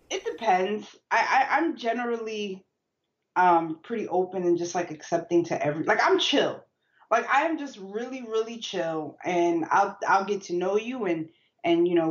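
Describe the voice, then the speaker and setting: A woman guest in a casual interview, relaxed and easygoing, with lots of "you know" and "like.". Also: fairly low pitch, lo-fi sound. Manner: relaxed, easygoing, with frequent fillers. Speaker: guest, yarn-dyeing business owner.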